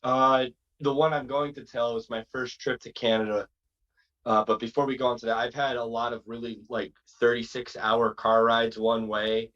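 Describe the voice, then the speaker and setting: A man's voice: medium pitch, level tone, moderate pace, fairly bright tone, lo-fi sound. A man from Massachusetts, a wrestler, telling a long road-trip story in a rambling, casual way. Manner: rambling, acts out quotes in other voices. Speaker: wrestler guest.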